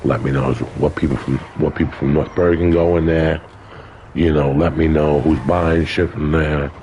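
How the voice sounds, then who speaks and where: A man's voice: very deep voice, fairly even intonation, moderate pace, darkish tone, a little hiss or hum, low-quality recording. An older man telling stories in a casual interview, colorful and profane, acting out other people's lines. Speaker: guest. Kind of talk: casual storytelling.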